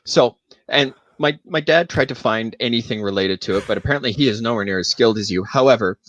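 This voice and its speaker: A man's voice: medium pitch, fast, a bit bright, no echo, lo-fi sound. A man co-hosting a casual podcast chat, telling a loose, rambling story full of fillers and restarts. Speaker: podcast co-host.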